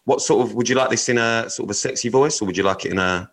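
A man's voice: mid-range voice, quick pace, fairly bright tone, rough recording. A man co-hosting a podcast, chatting casually and reading odd news items aloud in a blunt, joking, sweary way. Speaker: podcast co-host.

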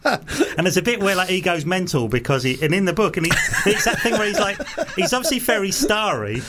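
A man in casual conversation, musing in a relaxed way with many fillers. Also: high voice, fairly quick, very noisy. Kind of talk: casual chat.

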